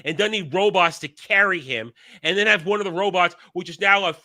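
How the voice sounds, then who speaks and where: A man's voice: high-pitched, a little fast, sharp tone. A man hosting a casual podcast discussion, talking in a blunt, profane, ranting manner. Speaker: show host.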